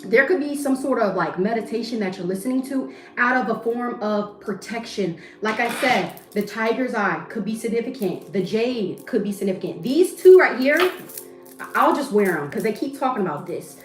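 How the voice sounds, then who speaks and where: A woman's voice: fairly high pitch, animated, moderate pace. A woman giving a casual tarot reading to camera, blunt, slangy and profane. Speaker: tarot reader. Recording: echoey room with faint music.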